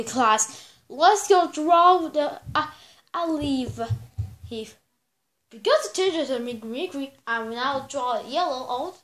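A woman narrating a homemade fan story in a casual, rambling way, often stumbling over her words. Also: high voice. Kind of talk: casual storytelling with character voices.

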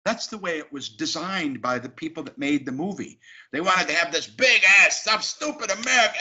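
A man's voice: on the high side, lively intonation, moderate pace, sharp tone. A man, an actor, talking emphatically and animatedly as an interview guest. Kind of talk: casual interview talk. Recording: dull lo-fi sound.

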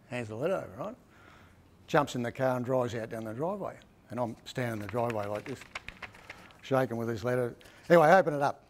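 A man's voice: medium pitch, fast talker, long pauses. Chatty Australian man telling stories. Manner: chatty, repeats "right?" often, rambling with restarts. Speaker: author giving a book talk. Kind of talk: casual storytelling presentation.

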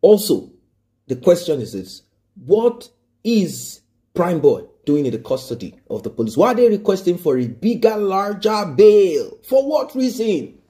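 A man's voice: high-pitched, sing-song, a little slow, warm tone. A man giving emphatic news commentary, stressing points by repeating them and asking rhetorical questions.

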